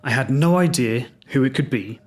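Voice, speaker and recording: A man's voice: medium pitch, lively intonation, moderate pace. English man, solo podcast host, wry and reflective storyteller, mid-range voice. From England. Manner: reflective, wry, self-deprecating.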